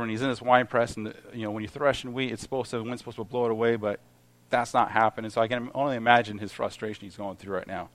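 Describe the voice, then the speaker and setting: A man's voice: lowish voice, no echo. A middle-aged man giving an informal Bible teaching, reading verses aloud and then explaining them with many restarts and fillers. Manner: reads scripture aloud then comments conversationally. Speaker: lay preacher at a Bible study.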